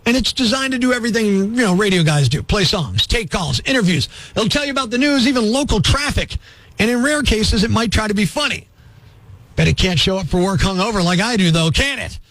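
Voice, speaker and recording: A man's voice: high voice, lively intonation, fairly quick, fairly bright tone, dry recording. A male morning radio host delivering a sarcastic, self-mocking comedy monologue on a studio mic.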